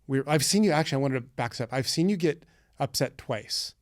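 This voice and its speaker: A man's voice: medium pitch, animated, quick pace, dry recording, studio quality. A man hosting a casual podcast chat, a pilot who talks through flights in detail and laughs often.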